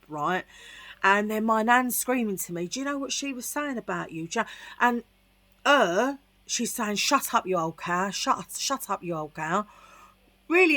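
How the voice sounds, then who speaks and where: A woman's voice: mid-range voice, a bit bright, no echo. A middle-aged woman from Tottenham with a London accent, telling a rambling personal story in casual vlog chat with lots of asides. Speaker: vlogger.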